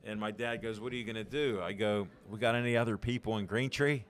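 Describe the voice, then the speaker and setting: A man's voice: lowish voice, fast. Older Pittsburgh man, chatty storyteller. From Pittsburgh, USA. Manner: animated storyteller acting out quoted dialogue. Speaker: podcast guest. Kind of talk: storytelling interview.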